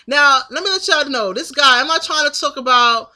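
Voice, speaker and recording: A vlogger in her thirties tells a story to the camera in a casual, indignant venting monologue. Her voice sits high and sounds pushed and bright, at a normal speed.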